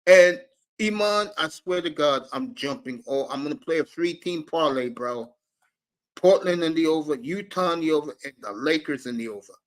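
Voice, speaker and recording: A man's voice: a little high, moderate pace. A man hosting a live sports talk stream, brash and profane, calling out chat viewers by name. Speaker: sports talk show host.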